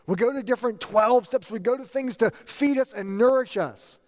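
A man delivers a sermon in a high, ringing voice. He drives his points home with repeated phrases that rise in emphasis. His words linger in the long reverb of a large hall. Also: normal speed, darkish tone. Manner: emphatic preaching with repeated lists and rising emphasis. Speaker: pastor.

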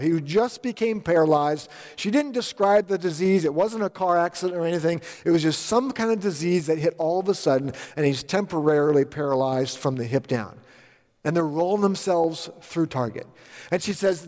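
A man's voice: a little high, normal speed, darkish tone, big-room sound. A male pastor preaching a sermon, telling a story in an earnest, direct way to his congregation in a church. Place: church sanctuary.

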